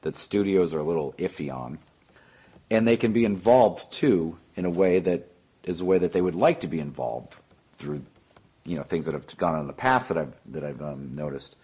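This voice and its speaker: A man's voice: sits low, normal speed, a little mellow, breathy edge. A man, a filmmaker, answering interview questions in a rambling, matter-of-fact way.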